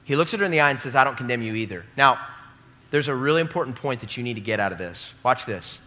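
Bright-voiced preacher man in a reverberant hall. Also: mid-range voice, animated, quick pace. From American Midwest. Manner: emphatic, rising to loud peaks, calls the audience to repeat lines. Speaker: pastor. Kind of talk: sermon. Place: large hall before a live congregation.

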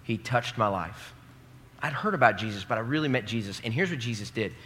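Young male preacher, bright and forceful, emphatic sermon delivery with crowd call-and-response, long hall reverb. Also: medium pitch, lively intonation, fairly quick, a little hiss or hum. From American Midwest. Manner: emphatic, rising to loud peaks, calls the audience to repeat lines. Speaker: pastor. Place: large hall before a live congregation.

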